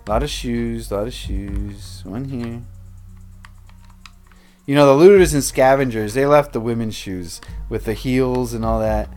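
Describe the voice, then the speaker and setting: A man's voice: mid-range voice, measured pace, a little mellow. Guy streaming a building game, rambly chat, trails off a lot, faint music behind. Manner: rambling, self-interrupting, chuckles at chat.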